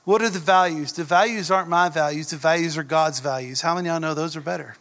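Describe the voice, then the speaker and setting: A man's voice: on the high side, quick pace, a bit bright. A middle-aged man with a Southern US drawl preaching a sermon in a church, earnest, often asking the congregation questions. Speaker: pastor. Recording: echoey church hall.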